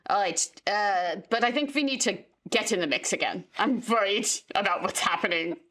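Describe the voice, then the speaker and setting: A woman's voice: medium pitch, expressive, moderate pace, fairly bright tone. A woman playing a tabletop horror game, giggly and earnest. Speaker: player. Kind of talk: in-character tabletop play.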